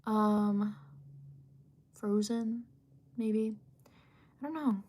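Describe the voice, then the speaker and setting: Speaking extremely slowly in a mid-range, slightly mellow voice, the young livestream host chats casually with her audience. She reads out their comments, using many fillers and giggly asides.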